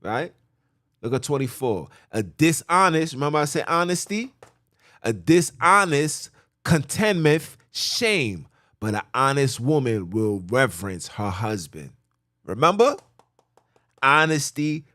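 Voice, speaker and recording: A man preaching from scripture on his podcast. His tone is blunt, emphatic and informal, and he often repeats himself for effect. His pitch sits in a middle range, and the sound is dry with no room echo. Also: a bit bright. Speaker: podcast host teaching scripture. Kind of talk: preaching, reading and explaining scripture.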